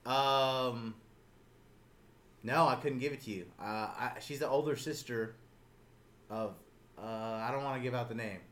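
A man's voice: mid-range voice, unhurried, pauses often. A young man casually telling a story to friends, swearing freely and acting out voices with laughter. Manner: animated, swearing, acts out voices loudly while laughing.

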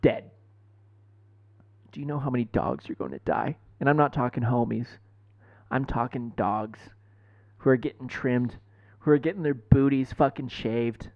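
A young man co-hosting a podcast, telling stories in a profane, animated way. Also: mid-range voice, moderate pace, long pauses. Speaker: podcast co-host. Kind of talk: casual chat. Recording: dull lo-fi podcast mic.

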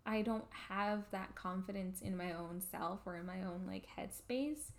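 A woman's voice: mid-range voice, a little slow. A woman co-hosting a podcast in casual chat, rambling and saying "like" a lot. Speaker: podcast co-host.

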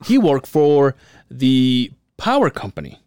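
A man's voice: medium pitch, slow pace, smooth, no room sound, studio quality. A man around forty on a podcast, telling a long story about his father in a casual, profane way and acting out the quotes. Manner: profane, animated storyteller who acts out quotes. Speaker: podcast co-host.

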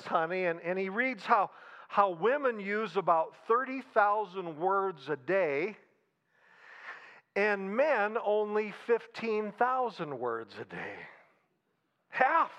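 A man's voice: high-pitched, a bit bright, highs cut off. A man preaching a sermon in a conversational style, repeating phrases and slipping in humor. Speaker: pastor.

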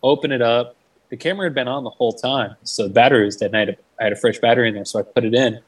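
A man's voice: mid-range voice, rapid-fire, recorded from a distance, a little hiss or hum, poor audio. A young man telling a story in a casual interview. He swears freely, fills his talk with "like", and acts out the voices of the people he quotes. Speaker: guest. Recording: mic set back from the speaker.

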